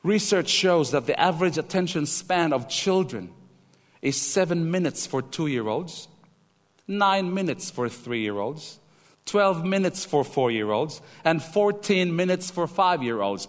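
A man preaching a sermon, animated and emphatic, repeating key lines. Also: fairly high pitch, a little slow, in a large hall. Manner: animated storytelling, emphatic repetition.

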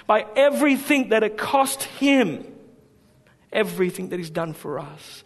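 A male pastor preaching a sermon with storytelling, swinging from hushed to emphatic. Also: high voice. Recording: long hall reverb.

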